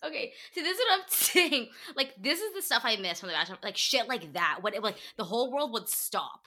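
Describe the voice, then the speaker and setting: A young woman guest on a podcast with a bright, sharp voice. Her pitch swings widely as she exclaims, laughs hard and swears in casual chat. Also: very animated, a little fast.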